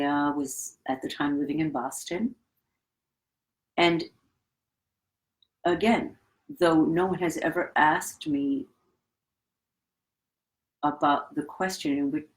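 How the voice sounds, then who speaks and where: A woman's voice: low-pitched, steady tone, a little slow, long pauses, poor audio. A middle-aged woman, a conductor, telling a reflective anecdote in a casual interview. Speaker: guest, orchestra conductor.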